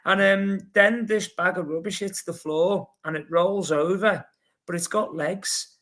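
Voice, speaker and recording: A man with a Scouse accent, a podcast guest telling a rambling, lively story full of fillers. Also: high voice, measured pace. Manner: lively, rambling, heavy with fillers like "you know". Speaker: podcast guest, long-distance runner. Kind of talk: casual anecdotal storytelling.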